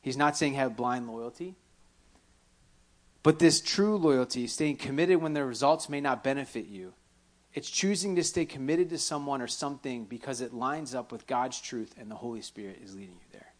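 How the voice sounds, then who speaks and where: A man preaching a sermon in a church, animated, rising loud on key points and dropping soft when quoting. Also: medium pitch, normal speed. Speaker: pastor.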